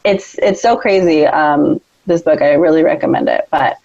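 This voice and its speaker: A woman in her thirties co-hosting a casual podcast chat, telling a family story with lively acted-out quotes. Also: moderate pace, dry recording, lo-fi sound. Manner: animated storytelling, acts out quotes with big pitch jumps. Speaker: podcast co-host.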